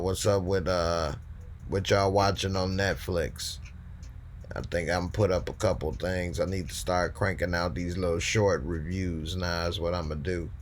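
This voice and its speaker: A man with a lowish voice hosts a live call-in show. He speaks in an unhurried, laid-back way, chatting in slang as he answers viewers. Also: slight background noise. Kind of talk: casual live-stream chat.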